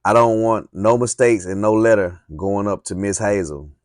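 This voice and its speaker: A man's voice: lowish voice, moderate pace, dry recording, clean studio sound, lightly acted. A man voicing an older Southern woman, kindly but firm, with a Southern US accent, drawling as he reads from a book. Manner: drawling, read aloud from a book with expression.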